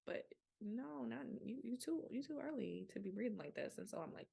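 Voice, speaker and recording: Gravelly-voiced woman, frank and colloquial. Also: mid-range voice, fairly quick, hardly any pauses. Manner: frank, animated storytelling with colloquial speech. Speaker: podcast host. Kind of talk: candid casual monologue.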